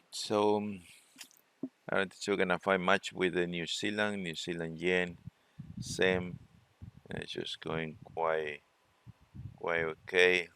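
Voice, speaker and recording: A man presenting a forex trading walkthrough, talking it through unhurriedly with many fillers and pauses. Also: low-pitched, pushed and bright, clear, resonant tone, no echo. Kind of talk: screen-share trading walkthrough.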